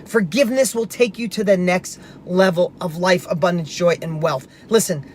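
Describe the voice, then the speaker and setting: A man's voice: high voice, moderate pace, a little hiss or hum. A middle-aged man speaking as a motivational speaker, telling a personal story in an emphatic, conversational way and repeating phrases for punch.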